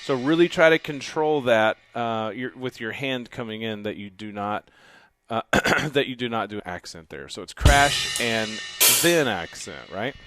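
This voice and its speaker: While his drum kit plays, a drum instructor in his studio counts aloud and calls out bass, snare, and crash hits at volume, then explains in a quieter, relaxed tone. He speaks at normal speed, with loud drums over his voice and faint music behind.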